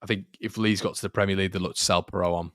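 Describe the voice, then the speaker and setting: A man's voice: low-pitched, steady tone, rapid-fire, a bit bright, dry recording, clean studio sound. A man hosting a fan channel live stream, chatting casually about football, repeating phrases and reading out viewer comments.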